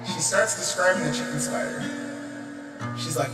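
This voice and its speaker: Young male streamer, animated and rambling, laughs a lot; heavy room echo, guitar music underneath. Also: high voice, fairly quick. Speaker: livestreamer. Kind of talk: casual storytelling on a livestream. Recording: echoey room, distant mic, guitar music.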